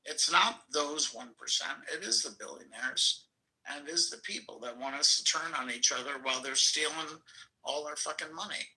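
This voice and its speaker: A man's voice: on the high side, moderate pace, bright, forceful tone, rough recording. A man in a heated live-chat debate, exasperated and swearing often. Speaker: American participant in a live audio chat.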